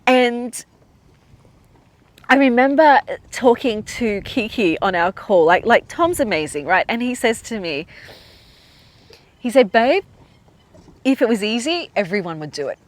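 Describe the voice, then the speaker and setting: A woman's voice: on the high side, animated, a little slow, long pauses, no echo. A woman hosting a podcast, telling a personal story in a chatty, emotional way with lots of filler words. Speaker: podcast host.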